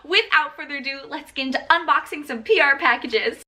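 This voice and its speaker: A woman's voice: high-pitched, brisk, pushed and bright, faint music behind. A young woman YouTuber gushing through an unboxing and try-on vlog, chatty, filling her talk with "like" and "literally". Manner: bubbly, gushing, says "like" and "literally" often. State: slight fever. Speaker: clothing YouTuber.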